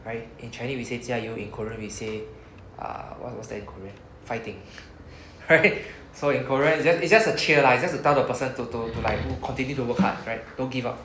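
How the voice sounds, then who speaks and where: A man's voice: medium pitch, fast talker. A man with a Singaporean English accent teaching Japanese to a class, explaining patiently and often checking with "right?". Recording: echoey classroom, faint noise.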